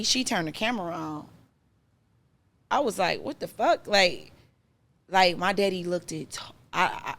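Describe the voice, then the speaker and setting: A woman guest telling her personal story in casual podcast chat, animated and emotional, with many fillers. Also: fairly low pitch, creaky.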